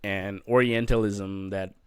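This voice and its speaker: A man co-hosting a casual political discussion podcast, halting and searching for words as he talks. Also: on the low side, fairly even intonation, clear, resonant tone, dry recording, clean studio sound. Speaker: podcast co-host.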